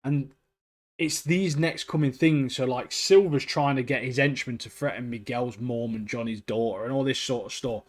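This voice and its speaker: A man in easygoing podcast chat, his voice sitting in an ordinary middle pitch. He talks eagerly and scatters "mate" and "like" through every sentence. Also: moderate pace. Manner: enthusiastic, peppers talk with "mate" and "like". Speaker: podcast co-host. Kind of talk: casual chat.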